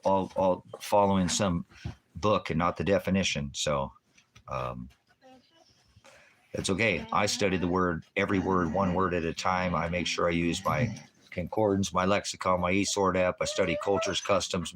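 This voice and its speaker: A man's voice: deep voice, fairly even intonation, moderate pace, fairly bright tone, slight background noise. A man hosting a ministry livestream, ranting in a heated, profane, rambling way and quoting scripture. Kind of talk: angry livestream rant.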